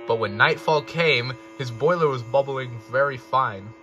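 A man narrating an improvised, crude parody story in a deadpan way, with music underneath. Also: medium pitch, measured pace, few pauses.

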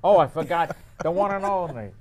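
A man's voice: a little high, animated, fairly quick, darkish tone. Wisecracking New man hosting. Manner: teasing, wisecracking, laughs often. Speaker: variety show host. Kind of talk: joking local cable show banter. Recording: faint room noise.

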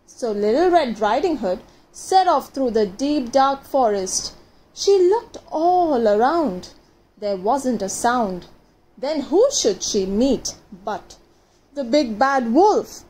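A woman reading a children's fairy tale aloud, gentle and dramatic, with pauses for effect. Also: on the high side, animated, a little hiss or hum. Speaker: storyteller.

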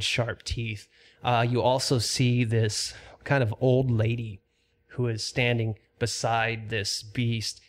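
A man narrating a tabletop game as game master, describing scenes steadily with frequent fillers. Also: medium pitch.

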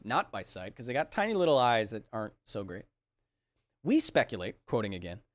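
A man's voice: mid-range voice, dry recording. A young man hosting a casual science livestream, reading viewer comments aloud and explaining terms with jokes. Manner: animated, joking, explains terms as he reads.

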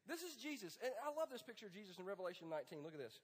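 A pastor preaching a lively, joking sermon to the men of his church, with sudden bursts of loud emphasis. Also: sits high, racing, slightly rough. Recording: long hall reverb.

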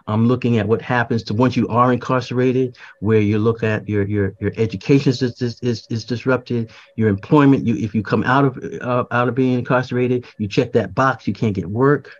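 Older male guest, reflective talker, medium pitch, slightly dull lo-fi audio, lots of fillers and restarts. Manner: reflective, repeats words, frequent fillers and restarts. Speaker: poet, podcast guest. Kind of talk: conversational explanation.

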